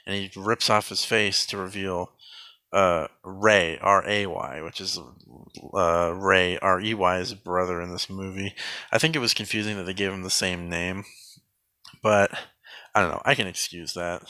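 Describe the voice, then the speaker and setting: A man giving a sarcastic mock film review in a deadpan, rambling way, full of fillers and restarts. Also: deep voice, normal speed, dry recording.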